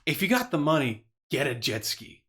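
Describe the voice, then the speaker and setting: A man co-hosting a casual comedy podcast, animated and swearing, often laughing and tripping over his words. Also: fairly high pitch, normal speed. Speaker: podcast co-host.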